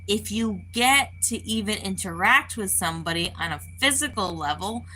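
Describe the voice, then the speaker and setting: Woman, vlogger, unscripted profane rant, slow delivery, bright edgy tone, lots of "like" fillers. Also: mid-range voice, rough recording. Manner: profane, heated, full of "like" fillers. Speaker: spiritual advisor.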